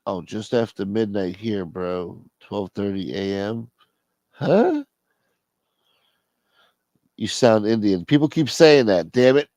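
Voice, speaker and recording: A man's voice: fairly low pitch, lively intonation, takes it slowly, long pauses, a little mellow, no room sound. A man hosting a late-night livestream, brash and profane as he talks straight to his chat at home. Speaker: livestream host. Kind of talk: casual chat. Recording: dull lo-fi stream audio.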